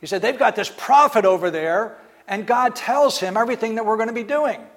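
A man's voice: sits high, expressive, brisk. A man preaching a sermon, retelling stories in a conversational way and acting out the speakers in them. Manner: storytelling, acts out speakers in the stories, fillers.

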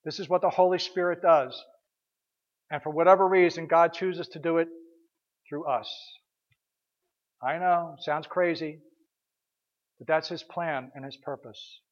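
Male pastor, high voice, conversational sermon with rhetorical questions, dull lo-fi recording. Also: fairly even intonation, unhurried, long pauses. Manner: conversational storytelling, repeats words, rhetorical questions.

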